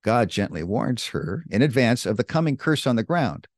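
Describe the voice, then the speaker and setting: A man teaching a Bible lesson in a deliberate, emphatic way, stressing key words. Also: medium pitch, big pitch swings, no room sound, clean studio sound.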